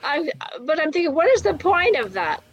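A woman co-hosting a morning show, chatting casually and reacting quickly to the others. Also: high-pitched, very animated, dull audio, soft background music. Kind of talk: casual chat.

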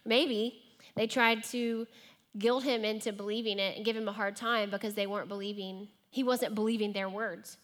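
A woman's voice: medium pitch, fairly even intonation, normal speed. Woman preaching a sermon. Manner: acts out imagined dialogue, dropping to a hush for emphasis.

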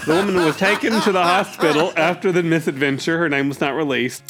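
A man's voice: on the high side, fast, hardly any pauses, a bit bright, soft background music. A man co-hosting a comedy podcast in a prissy, mannered way, calling others "dear" as he reads odd news stories. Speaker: co-host.

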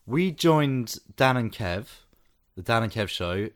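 A man's voice: mid-range voice, animated, slow pace, no room sound, studio quality. A man hosting a podcast, chatting playfully and laughing often, then reading his film review. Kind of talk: casual chat and scripted film review.

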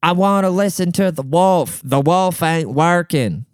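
Guy doing a dumb whiny dude voice, high pitched, slow drawl, kinda nasal. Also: clean tone, no echo, clean studio sound, natural voice. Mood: whining. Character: whiny dim-witted grown man customer.

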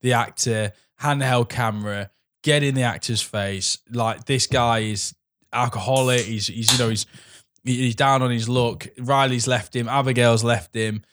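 A man in casual film chat, halting and restarting, then riffing enthusiastically. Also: medium pitch, fairly even intonation, a bit bright, no echo.

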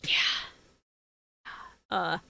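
A woman co-hosting a casual podcast, profane and excitable, laughing often. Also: drawn-out words, no echo. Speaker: podcast co-host. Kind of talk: casual chat.

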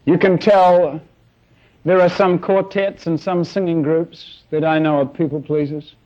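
A man preaching a sermon, telling stories in an animated way with acted-out sounds. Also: a little high, a little slow, muffled recording. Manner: animated storytelling with shouted sound effects.

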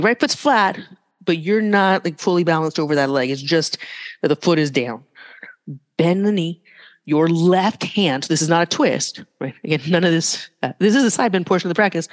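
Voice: mid-range voice, moderate pace, long reverb tail. A yoga teacher cues poses and breathing during a live class, with casual, joking asides between the cues.

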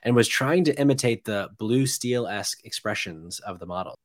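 A man's voice: on the low side, animated, moderate pace, dry recording, studio quality. A man in casual podcast chat, sharing film trivia with a few stumbling restarts.

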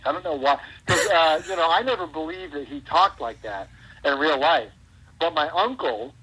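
A man in his forties, a pro wrestler guest, telling stories in a rambling, animated way and laughing often. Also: fairly high pitch, husky, low-quality recording. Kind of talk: casual interview chat.

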